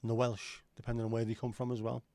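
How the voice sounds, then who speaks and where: A livestream host chats with his viewers and reads their comments, rambling, joking, and swearing casually. His mid-range voice is monotone and dark, he talks fast, and the recording is dry.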